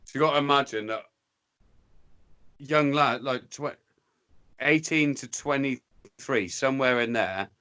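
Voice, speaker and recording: A man's voice: medium pitch, a little slow, long pauses, pushed and bright, clear, resonant tone. An English man telling a rambling, sweary story in casual podcast chat, breaking into voices for the people in it. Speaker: podcast guest.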